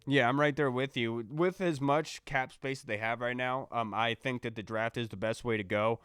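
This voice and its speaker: A man's voice: medium pitch, fairly even intonation, normal speed, fairly bright tone, smooth, no room sound, clean studio sound. A man co-hosting a casual sports podcast, talking confidently and reading out listener questions. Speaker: podcast co-host.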